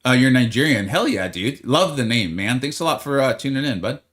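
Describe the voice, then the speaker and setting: A man's voice: mid-range voice, expressive, brisk, fairly bright tone. A man with an ordinary mid-range voice hosts a live game stream. He sounds upbeat and talkative, reading out viewers' names and chatting with them casually. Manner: upbeat, greets chat by name, chatty.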